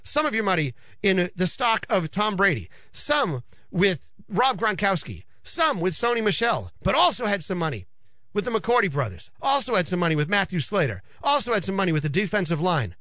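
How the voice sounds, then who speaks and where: A middle-aged man hosts a radio finance show in a chatty, animated way, stacking repeated phrases for emphasis. His voice sits a little high and swings widely in pitch. It comes through a close studio mic that sounds dry. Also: normal speed, no echo. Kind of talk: casual radio talk. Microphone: studio microphone.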